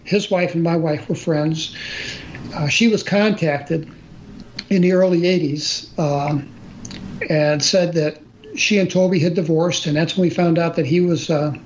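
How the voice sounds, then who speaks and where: A man's voice: fairly high pitch, fairly even intonation, measured pace. Older man earnestly telling a story. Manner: plain, earnest storytelling with many fillers and restarts. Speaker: guest storyteller. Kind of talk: personal story told in conversation. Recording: slightly dull audio with faint noise.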